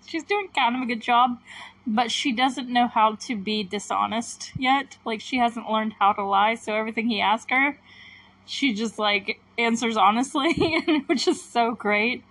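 A woman's voice: on the high side, a little slow, a bit bright, dry recording, low-quality recording. A young woman hosting a podcast, chatting casually and giggling as she retells scenes and quotes the characters' lines. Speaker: podcast host recapping a TV episode. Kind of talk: casual chat.

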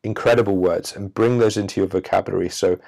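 A man with a very low, gravelly voice delivers a self-help monologue straight into the mic. He talks emphatically and preachily, stretching out pauses for effect. His deep register carries a rough, fry-laden edge. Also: fairly even intonation, a little mellow. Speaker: podcast host. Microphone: audio-only recording.

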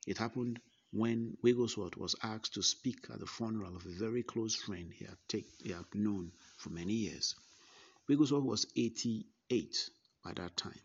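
A man reading a first-person narration in a measured way, with small slips and restarts. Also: fairly low pitch, slightly rough, highs cut off. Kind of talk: scripted narration.

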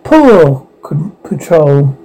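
Guy reading a recap script aloud, kinda high mellow voice, keeps stumbling and restarting. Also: very animated, extremely slow, low-quality recording. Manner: stumbling over words, restarting lines. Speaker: fan reader of a TV recap. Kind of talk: informal script reading with sound cues.

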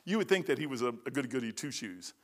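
An older man, a pastor telling folksy stories in a sermon, rambling and swinging from loud to hushed. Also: medium pitch, animated, fast. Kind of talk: storytelling sermon.

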